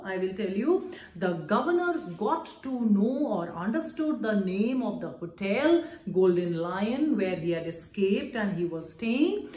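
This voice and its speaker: A woman's voice: medium pitch, a little mellow. Chatty Indian woman teacher, echoey room. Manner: chatty, frequent "you know" fillers, mixes in Hindi. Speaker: English teacher. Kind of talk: explaining a story chapter to students.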